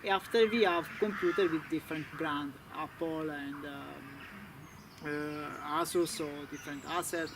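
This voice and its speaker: A man with an Italian accent, a guest speaking halting non-native English with many fillers in a casual interview. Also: fairly high pitch, steady tone, noisy background. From Italy.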